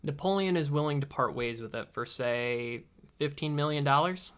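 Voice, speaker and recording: A man playing a persuasive French advisor in a comedy sketch, smooth and matter-of-fact. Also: a little high, moderate pace, a bit bright, lightly acted. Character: scheming male French advisor.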